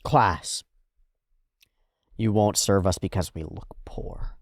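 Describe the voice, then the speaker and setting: A man hosting a reaction video, talking casually and animatedly, swearing freely and swinging between loud outbursts and hushed asides. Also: sits low, steady tone, moderate pace, vocal fry, no room sound, clean studio sound.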